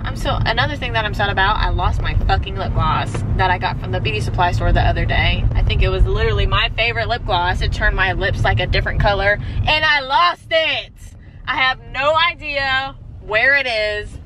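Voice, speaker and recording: A woman's voice: mid-range voice, a little fast, highs cut off. Young woman vlogging from a noisy car. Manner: candid, frank, swears often, many "like" fillers. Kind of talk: casual vlog talk to camera. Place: inside a car. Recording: car and road noise behind.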